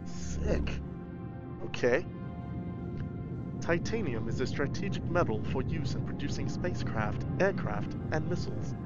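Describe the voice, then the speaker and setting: A man hosting a livestream, giving casual game commentary in an excitable, goofy way and thinking aloud. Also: on the high side, measured pace, long pauses, highs cut off, loud music behind the voice. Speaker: livestream host.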